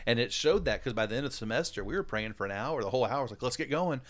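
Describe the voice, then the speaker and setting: A man, a pastor hosting a podcast, talking in animated, rambling casual chat with frequent laughs and fillers. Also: medium pitch, rapid-fire.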